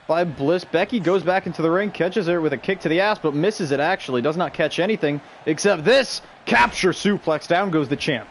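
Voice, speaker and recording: A man hosting a stream and calling video game wrestling play by play, excitable and shouting the big moves while chatting with viewers. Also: on the high side, brisk, few pauses, slight background noise. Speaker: stream host and play-by-play commentator.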